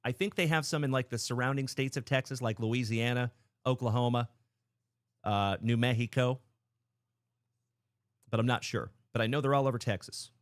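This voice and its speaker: A man in his thirties hosts a casual card-break livestream, talking in an excited, chatty way as he greets viewers. His voice sits in a middle pitch. The sound is dry and close, with little room around it. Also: moderate pace, pauses often, dry recording.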